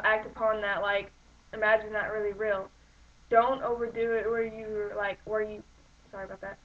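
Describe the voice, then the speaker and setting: A woman's voice: medium pitch, highs cut off, slight background noise. A woman giving acting tips to camera in a loose, rambling way, with many "like"s and "um"s. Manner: rambling, full of "like" and "um". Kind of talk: casual tutorial talk to camera.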